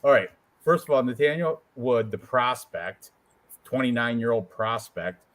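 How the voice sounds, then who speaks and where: A man co-hosting a casual show about fight predictions, joking and animated as he talks through his picks. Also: medium pitch, a little slow. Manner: joking, animated, puts on quoted voices. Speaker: co-host picking fights. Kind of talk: casual chat.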